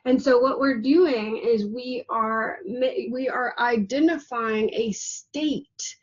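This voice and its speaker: A woman with a slightly high, breathy voice teaches a class in a chatty, looping way. She keeps checking in with the listener as she goes. The recording sounds a bit dull and lo-fi. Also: slow. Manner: chatty, repetitive, rhetorical "right?" asides. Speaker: manifesting coach.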